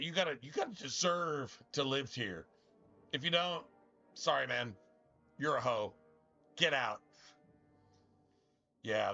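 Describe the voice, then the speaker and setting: Over faint game music in dull, lo-fi stream audio, a young man plays a video game and chats in a loose, profane, meandering way, tripping over his own restarts. He has a medium-pitched, sharp-toned voice.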